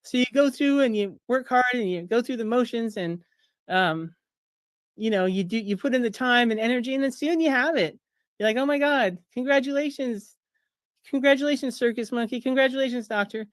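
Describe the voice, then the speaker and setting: A pharmacist and author in her fifties casually talks through her slides on a video call during a streamed fundraiser, sarcastically mocking the system. Her intonation is lively and her pace normal, and she acts out quoted voices in a higher pitch. The recording is dry and studio quality.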